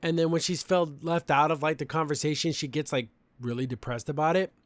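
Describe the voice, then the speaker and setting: Recapping a cartoon episode for his podcast, this young host, from a Mexican family background, sounds chatty and opinionated and uses plenty of fillers. He speaks fairly quickly with a fairly high pitch and fairly even intonation, in a dry recording.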